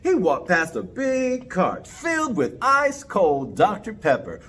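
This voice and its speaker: A man telling a children's story in a playful, animated way, inviting the kids to join in. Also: high-pitched, unhurried, breathy edge. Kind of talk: interactive children's story time.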